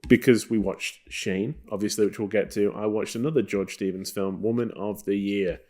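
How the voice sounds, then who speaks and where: A man with a lowish voice and moderate pace co-hosts a film podcast. He chats casually about old movies in a relaxed, rambling way, using lots of fillers.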